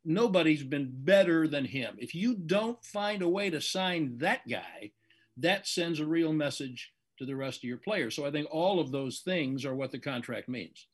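Veteran male sports announcer, older, breathy edge to a raised voice, analytical interview guest. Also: fairly high pitch, animated. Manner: measured, analytical, emphatic.

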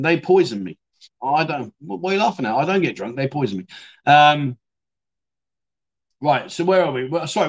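A middle-aged man casually hosting a livestream, reading out viewer comments and joking along. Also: on the high side. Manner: chatty, jokey, reads out viewer comments. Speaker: livestream host.

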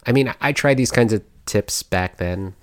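Deep-voiced chatty man hosting a podcast. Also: moderate pace, no echo, studio quality. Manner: rambling, chatty, many fillers and laughs. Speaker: podcast host. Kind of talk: casual podcast monologue.

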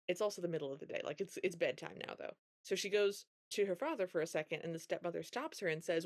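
Her voice sits on the low side, and she talks fast with barely any breaks. As a podcast co-host, she breezily retells a film's plot, animating the story by voicing the characters' lines.

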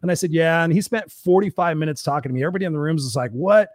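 A man speaking in casual chat, telling a story fast and emphatically, with words like "literally" repeated. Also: fairly high pitch, dry recording, clean studio sound.

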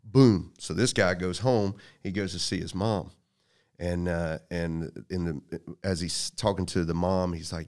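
Man, very deep voice, folksy storyteller, preacherly, casual talk. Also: unhurried.

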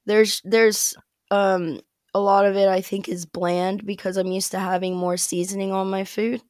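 A woman's voice: medium pitch, level tone, normal speed, a little mellow, no echo, studio quality. An American woman talking as a podcast guest, chatty and rambling, with frequent fillers and laughs. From United States. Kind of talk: casual interview chat.

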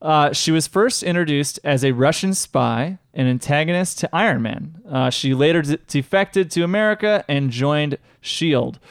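A man's voice: a little high, lively intonation, normal speed, few pauses, clear, resonant tone, no room sound, studio quality. A man co-hosting a casual advice podcast, reading listener questions in an easygoing way. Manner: easygoing, reads letters aloud. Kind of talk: casual chat.

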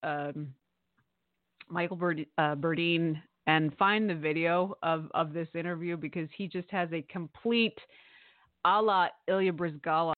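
A woman's voice: lowish voice, fairly even intonation, unhurried, dry recording. A woman co-hosting a sports radio podcast, talking in a chatty, amused way with many fillers. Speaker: podcast co-host. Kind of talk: casual sports radio commentary. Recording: tinny phone-like line, dry.

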